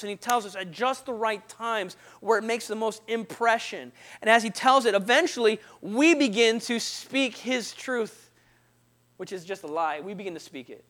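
A young man with a strikingly high, bright voice speaks to a live audience in the manner of a youth talk. He tells personal stories energetically, slipping into little acted-out voices and sound effects.

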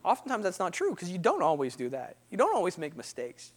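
A young man giving a lively motivational talk to an audience, acting out little scenes and voices as he tells stories. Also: sits high, quick pace, slightly rough. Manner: animated, acts out voices and sound effects. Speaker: speaker.

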